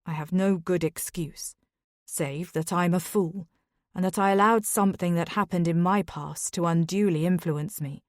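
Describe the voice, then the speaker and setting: A woman's voice: lowish voice, fairly even intonation, moderate pace, no room sound, clean studio sound, close to an everyday voice. A woman reading a grim, remorseful Victorian husband. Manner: grave, hoarse-edged apology.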